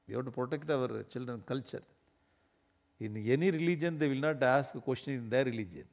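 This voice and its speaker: A man giving an animated, emphatic spiritual discourse, often laughing as he talks. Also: mid-range voice.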